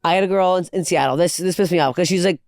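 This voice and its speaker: A woman comedian in her thirties tears through heckler stories at a rapid clip, swearing freely and acting out each voice she quotes. The sound is close and dry, with no room around her. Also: on the low side, dry recording. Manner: profane, animated storytelling with acted-out quotes. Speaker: comedian guest. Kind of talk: casual podcast chat.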